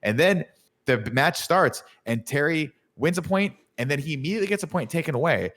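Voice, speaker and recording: A man co-hosting a podcast, retelling a movie plot in an animated, profane, casual way. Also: a little high, a little fast. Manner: animated, profane storytelling with acted-out quotes. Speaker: podcast co-host. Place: studio.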